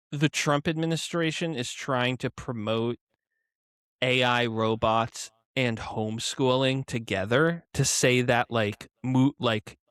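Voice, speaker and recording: A man co-hosting a political podcast who recounts news in a wry, deadpan way and sometimes stammers. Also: mid-range voice, no echo. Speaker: podcast co-host. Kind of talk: casual political chat.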